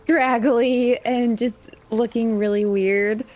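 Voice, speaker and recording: A woman player describing her character in a loose, chatty way. Her voice is mid-pitched, casual and quick to laugh. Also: steady tone, a little mellow. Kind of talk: casual chat.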